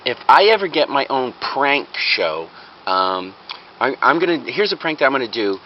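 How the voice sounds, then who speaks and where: A man rambling through a comic prank idea, acting out the bystanders in high, shouty voices. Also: sing-song, normal speed, dull audio, a little hiss or hum. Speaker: vlogger.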